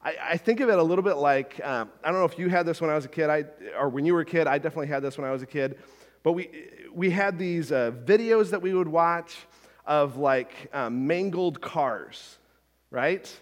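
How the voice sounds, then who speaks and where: Conversational pastor in a reverberant hall. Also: male voice, on the high side, brisk. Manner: conversational, frequent "right?" asides and restarts. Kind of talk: sermon.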